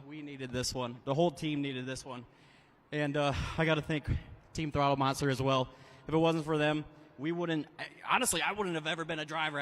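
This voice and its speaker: A man's voice: on the high side, fairly bright tone. A man who drives monster trucks, giving heartfelt, choked-up thanks in a live interview inside a large indoor arena. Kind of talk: live post-event interview. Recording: long arena reverb.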